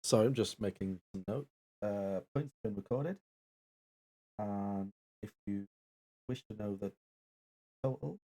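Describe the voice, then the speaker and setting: A man co-hosts a live charity stream and reads out the scores. He talks slowly and deliberately. His tone stays matter-of-fact. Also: fairly low pitch, warm tone. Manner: unhurried, plainly reading out scores. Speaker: co-host and scorekeeper. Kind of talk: casual live-stream banter.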